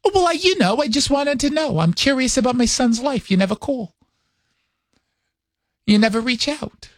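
A man's voice: extremely high pitch, animated, moderate pace, no room sound, studio quality, voice pushed up. A man imitating his older mother from New York, with her accent, asking fussy, repeated questions and acting hurt. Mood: wounded. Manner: repetitive, wounded, prying questions.

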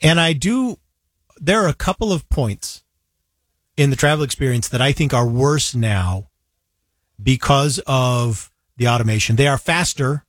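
A man's voice: mid-range voice, expressive, unhurried, no room sound, clean studio sound. A man from the United States co-hosting a casual chat show, playfully dramatic in his storytelling. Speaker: co-host.

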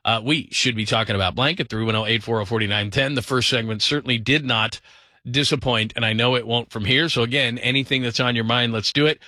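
A man's voice: medium pitch, fairly even intonation, a little fast, bright, forceful tone, no room sound. A man hosting a late-night sports call-in radio show from a studio, upbeat and laughing easily. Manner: upbeat, laughs easily, reads phone number often. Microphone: studio microphone.

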